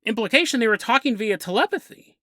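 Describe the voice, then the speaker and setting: Host doing a shook-up sailor telling his story, bright voice, dry close mic. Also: very high voice, animated, fast, dry recording, heavily acted. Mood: recounting. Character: shaken male sailor recounting his ordeal.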